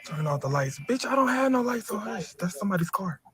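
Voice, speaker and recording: Excitable, profane male vlogger. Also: high-pitched, fast talker, crowd noise. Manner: profane, excitable, lots of slang and gasping. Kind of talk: casual live vlog, talking to viewers.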